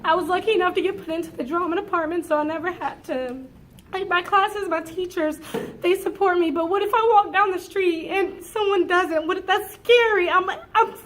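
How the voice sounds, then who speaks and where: A woman's voice: extremely high pitch, brisk, slight background noise. An eighteen-year-old woman, a college freshman, speaking at a campus forum, close to tears and hesitant, with nervous laughter.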